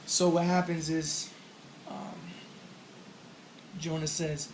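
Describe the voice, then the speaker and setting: A man's voice: fairly high pitch, flat delivery, takes it slowly, a little hiss or hum, rough recording. A man giving a casual spoken lecture on religion, rambling as he explains and acting out the lines he quotes.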